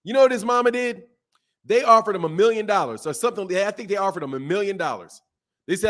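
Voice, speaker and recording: High-voiced man ranting about boxing. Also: fast talker. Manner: animated, repetitive, rhetorical questions. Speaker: boxing commentator. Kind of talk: casual commentary rant.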